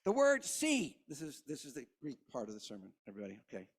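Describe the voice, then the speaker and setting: A man, preaching a sermon as pastor, impassioned, with hushed passages and rising emphasis. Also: medium pitch, huge pitch swings, quick pace, breathy edge. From Kentucky.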